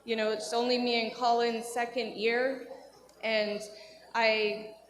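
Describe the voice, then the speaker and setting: A woman's voice: fairly high pitch, little pitch movement, takes it slowly, rough recording. A woman, a powwow president, giving heartfelt, rambling closing remarks to an outdoor crowd, with many fillers.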